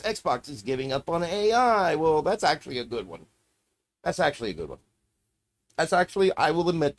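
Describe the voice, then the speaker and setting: Guy streaming and ranting, swears a lot, voice jumps all over, kinda high. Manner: profane, ranting, muttering to himself while browsing. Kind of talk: casual live-stream commentary.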